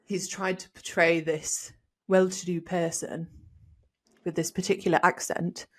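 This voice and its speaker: A woman hosting a podcast, chatting in an animated way and laughing often as she reviews a film. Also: on the low side, a little slow. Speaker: podcast host. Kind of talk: casual film review chat.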